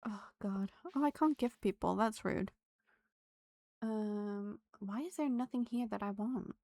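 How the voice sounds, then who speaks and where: A woman's voice: medium pitch, a little slow, warm tone. A woman live-streaming a game, chatting to her viewers and laughing often. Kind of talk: live gameplay streaming chat.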